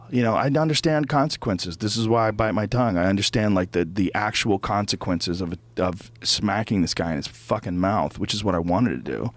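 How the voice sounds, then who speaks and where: Speaking at a normal speed in a voice on the low side, a middle-aged podcast host spins a story into a relaxed but cursing rant. As he gets worked up he grows heated and starts repeating himself; the recording has no echo.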